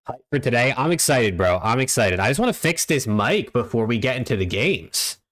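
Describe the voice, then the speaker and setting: A man's voice: medium pitch, big pitch swings, a little fast, a bit bright. Young guy streaming from home, chill and cussing, talking to chat on his desk mic. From United States. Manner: laid-back, profane, talks to chat and reads out usernames. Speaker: streamer hosting a watch party. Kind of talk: casual live-stream chat.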